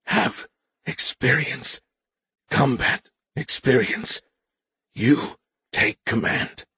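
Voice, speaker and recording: A man voicing a dying male alien ship commander who speaks in a weak, breathy, halting way. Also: mid-range voice, a bit bright, dry recording. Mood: strained, weak.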